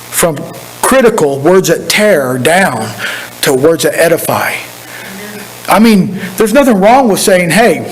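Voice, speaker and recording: A man's voice: high-pitched, a little hiss or hum, poor audio. A man preaching a sermon as pastor, in a folksy, conversational way with repeated phrases. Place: church sanctuary.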